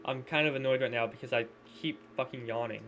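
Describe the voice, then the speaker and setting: A man's voice: mid-range voice, steady tone, fast talker, a bit bright, dull audio, slight background noise. A man streaming live, chatting loosely with viewers in slangy talk and laughing often. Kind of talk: casual live-stream chat.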